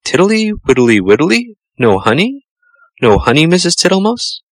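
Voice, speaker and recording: A man voicing a slow, greedy old male toad who is jovial and pushy, with drawn-out, sing-song repetitions. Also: on the high side, big pitch swings, dry recording, voice pushed up. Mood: cheerful.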